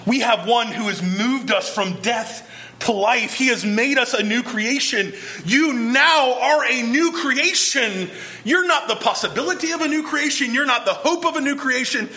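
A man's voice: very high voice, normal speed, pushed and bright. A male pastor preaching a sermon, earnest and emphatic, pressing his point with repeated rhetorical questions.

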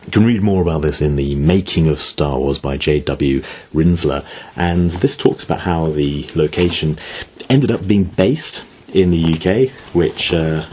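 A man's voice: extremely low pitch, a little slow, warm tone, husky. A man giving an explanatory talk, walking through points step by step with asides.

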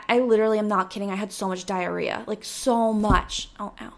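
A young woman hosting a podcast tells a story fast, in a casual, animated, rambling way, saying "like" a lot and swearing now and then. Her voice is mid-range.

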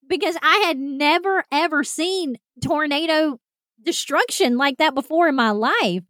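A woman hosts a podcast, telling a personal story in an animated, self-deprecating way and talking straight to her listeners. Her voice sits a little high. The sound is close and dry, with no room around it. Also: unhurried, no room sound. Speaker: podcast host.

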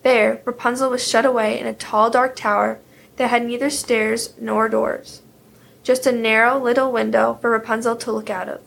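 A woman telling a fairy tale in a steady, clear storybook manner. Her voice sits somewhat high with a gravelly texture. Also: normal speed. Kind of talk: storybook reading.

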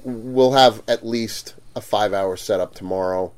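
A man's voice: fairly low pitch, moderate pace. A man in casual conversation, retelling a run-in with a customer. He throws himself into the quoted lines, swears without hesitation and breaks into laughter as he talks. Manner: animated, acts out quotes, swears, laughs often. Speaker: convention vendor telling a story. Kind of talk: casual storytelling chat.

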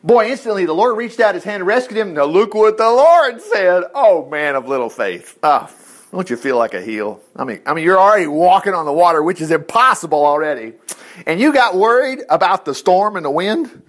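A folksy male preacher giving a relaxed sermon in a lively voice that swoops up and down. He talks in a conversational way, slightly high for a man, and acts out voices as he goes. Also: fairly quick. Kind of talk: informal sermon on Bible passages.

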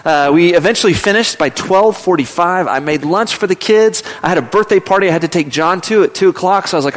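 A pastor in his thirties preaches in a church sanctuary, the recording carrying long hall reverb. His voice sits high, fast and lively as he tells a family story, at times rising into loud, acted yelling in the anecdotes.

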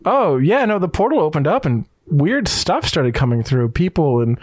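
A man's voice: on the high side, very animated, moderate pace, no echo, clean studio sound. Rambling man narrating as game master. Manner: rambling, filler-heavy narration.

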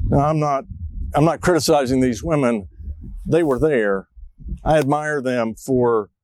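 A middle-aged pastor delivers a reflective sermon through stories, even putting on a child's voice for quoted lines. His voice is mid-range and a little mellow, and the audio is poor with no room sound.

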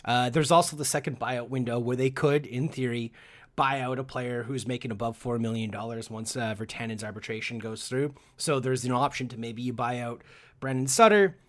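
A man's voice: medium pitch, a little fast, a bit bright. A man co-hosting a casual sports podcast, chatty, with many fillers and restarts. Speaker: podcast co-host.

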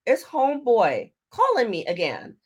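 A woman hosting her own podcast and telling a story in a casual way, animated and laughing as she acts out what people said. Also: a little high, a little slow, breathy edge. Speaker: podcast host.

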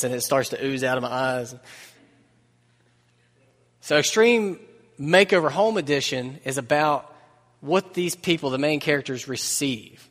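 A man preaching a sermon in a relaxed, conversational way, mixing humor and asides into the message. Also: medium pitch. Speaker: pastor. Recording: long reverb of a large hall.

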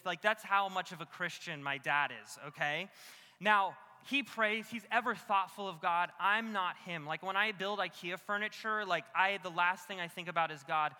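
A young male pastor gives his sermon in a large room, and his voice trails off into a long reverb. He sounds very bright and sits high in pitch. He talks loosely and animatedly, mocks himself, and fills his stories with casual fillers. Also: moderate pace. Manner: animated, self-mocking, many "like" fillers. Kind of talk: sermon with comic storytelling.

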